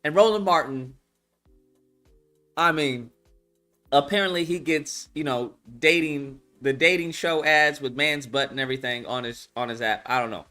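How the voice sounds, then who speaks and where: Male commentator with a high, animated, profane delivery. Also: normal speed, faint music behind. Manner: animated, profane, repeats himself. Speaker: online commentator. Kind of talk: casual commentary.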